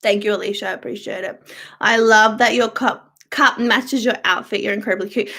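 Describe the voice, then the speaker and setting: A woman's voice: mid-range voice, steady tone, a little fast, a bit bright. A woman live-streaming a blunt, profane rant as she answers viewer comments. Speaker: YouTuber live-streaming to chat. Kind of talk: casual ranting live-stream chat.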